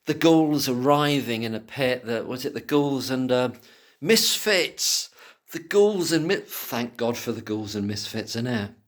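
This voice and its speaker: A man giving impassioned solo commentary who swears freely and swings from angry ranting to quiet muttering. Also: mid-range voice, expressive, measured pace.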